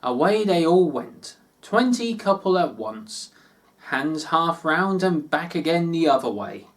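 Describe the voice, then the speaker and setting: Male storyteller, slow, lively pitch, expressive reading. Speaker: reader.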